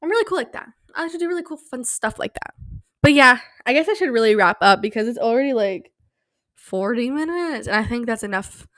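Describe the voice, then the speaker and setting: A young woman hosting her own casual podcast, hyper and rambling, sleep-deprived and slap-happy, with a slightly sore throat from yelling. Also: on the high side, animated, fairly quick, dry recording. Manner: hyper, rambling, self-mocking. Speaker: podcast host. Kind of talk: casual solo podcast chat. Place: small home studio. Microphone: studio mic, close.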